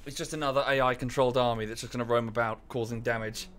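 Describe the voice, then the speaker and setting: Young streamer, mid-range voice, chatty and easily sidetracked, desk mic at home. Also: male voice, medium pitch, steady tone, fast talker, fairly bright tone, slight background noise. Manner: chatty, easily distracted, self-deprecating. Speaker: game streamer. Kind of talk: casual live-stream commentary. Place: room at home.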